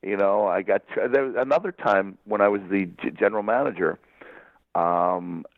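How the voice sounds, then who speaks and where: A man's voice: on the low side, normal speed, dry recording. A man telling stories as an interview guest, rambling and laughing often. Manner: rambling storyteller with frequent laughs. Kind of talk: casual interview chat. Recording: tinny phone-like line.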